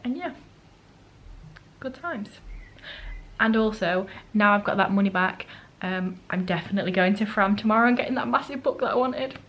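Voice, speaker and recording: A woman's voice: mid-range voice, normal speed, muffled recording, slight background noise. A woman vlogging on a solo trip, chatting casually to the camera and acting out what people said to her. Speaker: travel vlogger. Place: holiday rental flat.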